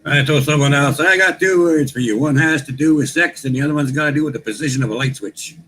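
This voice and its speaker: Joking guy co-hosting a live chat, tells wry stories, slightly high voice, faint hiss behind. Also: fast talker, fairly bright tone, rough recording. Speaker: co-host. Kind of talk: casual livestream chat.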